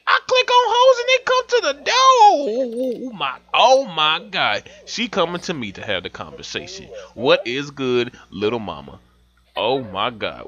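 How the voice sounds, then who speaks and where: Young male gaming commentator, loud and profane, very animated pitch, dull lo-fi mic with faint music. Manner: loud, excitable, swings between yelling and muttering. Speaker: gaming YouTuber. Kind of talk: profane comic gameplay commentary.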